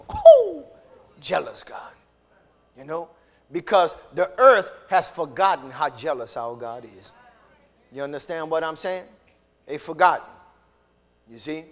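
A male preacher, his voice high and bright. He moves from quiet, low asides to shouted peaks. Along the way he acts out scripture dialogue in different voices. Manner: acts out dialogue between God and Hosea in character. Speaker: pastor. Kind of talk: sermon.

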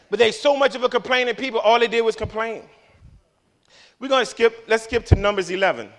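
A male preacher with a high-pitched voice delivering a lively sermon. He drops to quiet, close remarks, then builds up to shouted points, and slips in joking asides along the way. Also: brisk. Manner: animated, swinging from hushed to shouting, with joking asides.

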